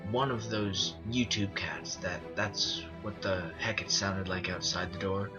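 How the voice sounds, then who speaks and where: A man narrating a first-person horror story as an earnest storyteller, restarting phrases and slowing down on the creepy parts. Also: low voice, steady tone. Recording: dull lo-fi recording with music behind. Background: music bed.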